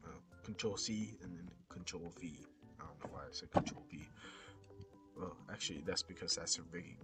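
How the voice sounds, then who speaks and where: A man's voice: low voice, normal speed. A man talking casually through a modeling tutorial, rambling with many fillers and often dropping to a whisper. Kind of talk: casual screen-recorded tutorial commentary. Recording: clear background music.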